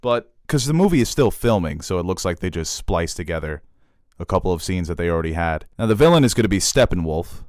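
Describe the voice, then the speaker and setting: A man's voice: low voice, sing-song, quick pace, darkish tone, no echo, clean studio sound. A man co-hosting a casual chat about movie trailers, joking and enthusiastic. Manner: joking, enthusiastic, riffs with goofy voices. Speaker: co-host.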